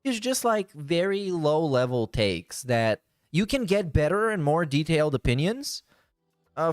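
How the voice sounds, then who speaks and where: A man hosting a podcast gives blunt, sarcastic commentary in a casual way. His voice is smooth and resonant, with lively swings in pitch. The sound is dry and close. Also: dry recording. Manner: blunt, sarcastic, restarts often. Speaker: podcast host. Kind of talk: casual commentary reacting to a clip.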